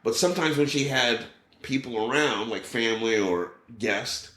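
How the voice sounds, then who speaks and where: A man's voice: medium pitch, normal speed, sharp tone. A man telling stories as a podcast guest. He acts out other people's lines and swears casually. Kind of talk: casual storytelling. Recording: roomy echo.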